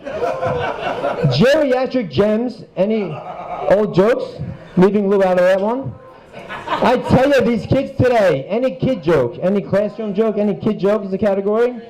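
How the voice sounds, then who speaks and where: A man's voice: high voice, moderate pace, poor audio. A man hosting a live joke contest in a bar, announcing the categories with chuckles. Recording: lively crowd behind.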